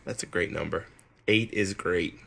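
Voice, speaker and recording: A man's voice: low voice, normal speed, vocal fry, fairly bright tone, husky. Rambling, self-mocking male podcast host. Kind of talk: casual chat.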